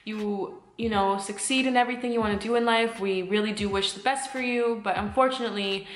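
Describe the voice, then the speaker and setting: A woman's voice: mid-range voice, steady tone, a little fast, reverberant, close to an everyday voice. A woman mimicking a polite, evasive female HR manager who hedges in stiff corporate phrasing.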